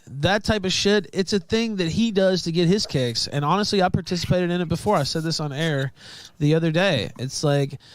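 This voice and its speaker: A man streamer complaining in an aggrieved, rambling and profane way. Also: on the high side.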